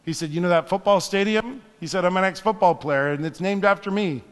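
A married man preaching a sermon, telling a story with hushed asides and building to fervent exhortation. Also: high-pitched, a little fast, in a large hall. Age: adult, married. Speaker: pastor.

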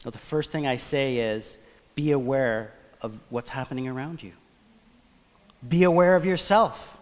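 A man preaching a sermon, telling a personal story in a conversational, animated way. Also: medium pitch, unhurried. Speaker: pastor. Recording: long church reverb.

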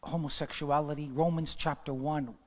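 A man preaching a sermon and telling a story, swinging between loud exclamations and hushed whispers. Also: fairly high pitch, steady tone, normal speed. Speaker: pastor. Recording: long hall reverb.

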